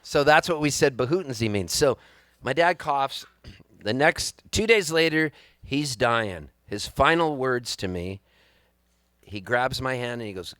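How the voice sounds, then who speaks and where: A man in his fifties, his voice in a middle register, spins a rambling, wry story for a live crowd. He talks into a stage mic with animated comic timing, and the sound is dry and close. His pace swings between unhurried pauses and quick asides. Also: medium pitch, no echo. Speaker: singer-songwriter telling a story on stage. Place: live music venue on stage.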